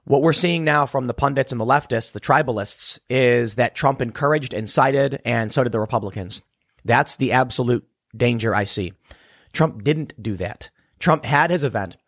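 A man from Chicago hosting solo political commentary, reading the news aloud and breaking off into rapid, emphatic remarks that often repeat words. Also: mid-range voice, fairly bright tone, no echo, studio quality. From South Side of Chicago.

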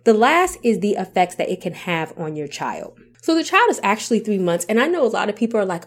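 A woman's voice: medium pitch, sing-song, fast, hardly any pauses. A woman vlogger talking to camera about parenting, with emphatic repetition and rhetorical questions. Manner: emphatic, repeats points, asks rhetorical questions. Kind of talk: casual advice talk to camera.

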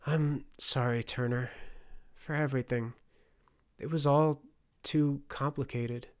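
A man voicing a desperate, anguished mother in an audiobook, her pleas rising toward shouts. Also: fairly high pitch, fairly even intonation, moderate pace, pitched above the performer's own voice, natural voice. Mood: pleading. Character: anguished middle-aged mother, desperate and pleading.

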